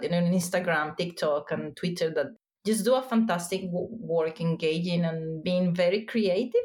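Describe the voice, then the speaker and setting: A woman guest in casual chat, excitable and rambling, with many fillers and restarts, over a remote call. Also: on the low side.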